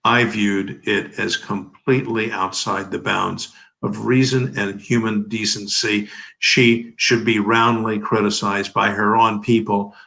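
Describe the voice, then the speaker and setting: Older man, lowish bright voice, emphatic oratorical legal commentary, rhetorical questions. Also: level tone, a little slow, creaky, poor audio. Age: 70s. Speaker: interview guest, lawyer.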